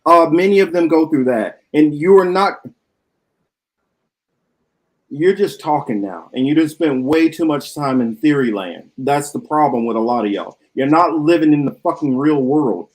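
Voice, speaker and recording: A man's voice: fairly high pitch, animated, normal speed, poor audio. A man co-hosting a political talk show, arguing bluntly and with profanity in a heated debate.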